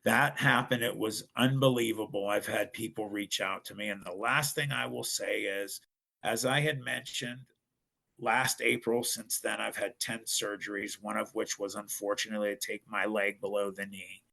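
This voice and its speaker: Gravelly middle-aged man, earnest. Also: on the low side, steady tone, moderate pace, pushed and bright. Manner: earnest, emphatic. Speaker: guest. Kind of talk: personal storytelling.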